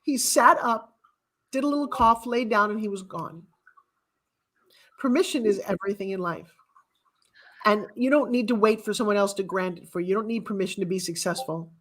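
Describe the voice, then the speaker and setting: A woman's voice: medium pitch, normal speed, long pauses, a bit bright. A woman in her sixties telling motivational stories with emphatic, repetitive phrasing. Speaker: guest author. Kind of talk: motivational storytelling.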